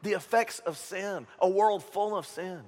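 A man preaching a sermon as pastor, emphatic and animated, with jokes and stories. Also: sits high, unhurried, big-room sound. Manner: animated, emphatic, joking storyteller.

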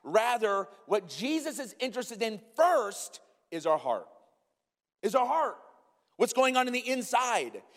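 A male pastor with a high speaking voice delivers a lively sermon, shifting between teaching points and humorous stories aimed at the congregation. His voice rings out with a long reverb from the church sanctuary. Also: measured pace. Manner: animated storytelling with humorous asides to the congregation.

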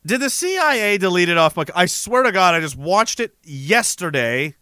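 A young man rants in a loose, profane monologue, restarting his sentences as he gets worked up. His voice is bright and fairly high for a man, and the recording is dry and close. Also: sing-song, normal speed, clean tone, no room sound. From Canada. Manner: profane, heated, rambling with frequent restarts. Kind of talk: ranting casual monologue.

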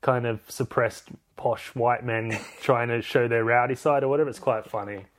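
A man's voice: medium pitch, fairly even intonation, normal speed. Chatty Australian man, laughing storyteller. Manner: chatty, laughs often, acts out anecdotes. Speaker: podcast host. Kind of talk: casual chat.

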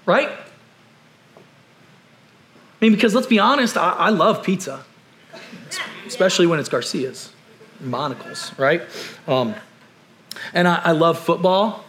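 A high-pitched pastor preaches a conversational sermon, repeating key phrases and firing off rhetorical questions. At times he drops to a quiet, slow emphasis.

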